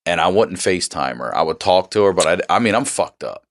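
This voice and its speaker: A middle-aged podcast guest with a deep voice talks fast and swings widely in pitch, casually telling a profane story and acting out its characters. The sound is clean studio quality with no room sound.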